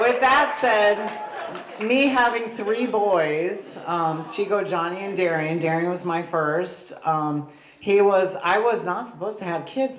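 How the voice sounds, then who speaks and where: Giggly mother of the groom toasting. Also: fairly low pitch. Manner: rambling, giggly, self-deprecating. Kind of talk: tipsy wedding toast. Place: wedding reception in a barn. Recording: echoey reception hall with crowd.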